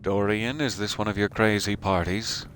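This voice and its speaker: A man's voice: fairly low pitch, steady tone, normal speed, a bit bright, a little hiss or hum. A man giving casual, joking commentary while playing a video game as the host of a let's play. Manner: joking, self-deprecating asides.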